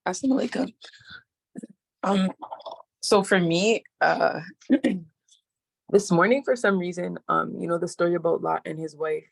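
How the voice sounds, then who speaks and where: A woman shares her reflections with a study group over a video call, hedging with many fillers. Her voice stays flat and gravelly, and the sound is dry. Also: sits low, no echo.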